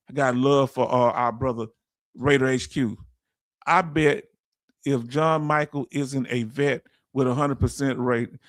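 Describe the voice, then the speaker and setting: A man hosting a casual livestream, reading chat messages aloud with animated, laughing energy. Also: mid-range voice, no room sound, clean studio sound. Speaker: livestream host.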